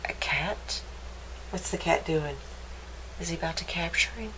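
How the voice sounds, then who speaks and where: A woman reading a picture book aloud to children for a library storytime, stopping often to ask them gentle, playful questions. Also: fairly low pitch, unhurried, noisy background.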